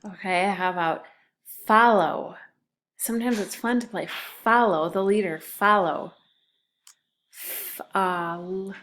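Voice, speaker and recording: A woman's voice: mid-range voice, a little slow, a bit bright. A woman teaching a children's spelling lesson, patiently sounding out words syllable by syllable.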